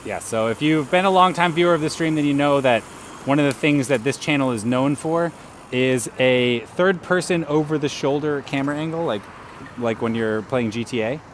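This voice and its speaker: This bike livestreamer speaks at a medium pitch and moderate pace, chatting casually as he rides outside. He laughs a lot and says hello to viewers, captured by a camera rig on the bike with slight background noise.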